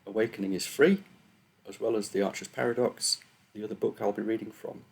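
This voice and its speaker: Author guy reading his own book to camera, low gravelly voice, a bit nervous. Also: brisk. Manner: nervous, self-deprecating chat then steady narration.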